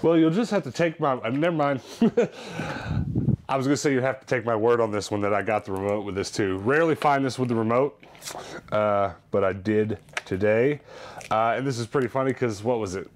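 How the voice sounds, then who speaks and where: A man vlogging about his thrift store finds in an animated, chatty, jokey way. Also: medium pitch, fairly quick. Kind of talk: casual chat.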